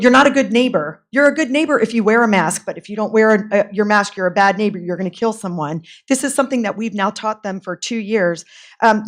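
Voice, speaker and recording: Earnest mother at public comment. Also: mid-range voice. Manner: earnest, pleading, steady. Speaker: parent speaking at public comment. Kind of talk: public comment at a board meeting.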